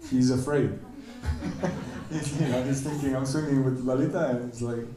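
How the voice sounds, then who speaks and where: A man giving a temple lecture, animatedly telling a story and acting out the characters' quoted lines in a higher voice. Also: fairly even intonation, moderate pace, crowd noise. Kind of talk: storytelling sermon. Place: temple hall. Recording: echoey room, voice from a distance.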